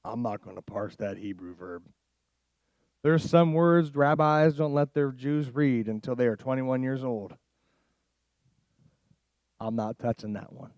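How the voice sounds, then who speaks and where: A man preaching a sermon as pastor, animated and casual, dropping into quiet asides and rising into loud emphatic passages. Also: medium pitch, measured pace, pauses often, smooth, no echo, dull audio. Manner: casual slang.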